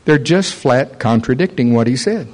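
Animated preacher man telling stories. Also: mid-range voice, normal speed. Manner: animated, acts out quoted voices. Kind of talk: sermon storytelling.

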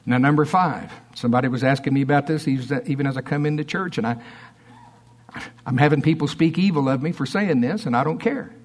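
A man preaching a sermon in church, emphatic and folksy, swinging between loud outbursts and quiet asides. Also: on the high side, brisk.

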